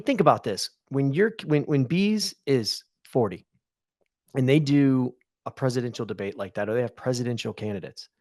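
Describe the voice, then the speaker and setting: A man in his thirties chatting bluntly on a podcast. His pitch leaps around a lot as he acts out little quoted asides. The mic is close and dry, with no room sound. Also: gravelly, a little mellow, no echo. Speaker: podcast co-host. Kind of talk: casual chat.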